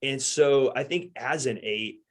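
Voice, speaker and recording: A middle-aged man speaks earnestly and openly, with a voice of ordinary pitch. He talks in a casual podcast conversation and often restarts his thoughts. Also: unhurried. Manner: earnest, open and heartfelt. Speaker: guest host.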